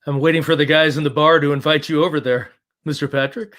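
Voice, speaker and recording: A man's voice: on the high side, fairly even intonation, brisk, a bit bright. A man hosting a live show, cracking jokes with his guests. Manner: joking and wisecracking. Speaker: host.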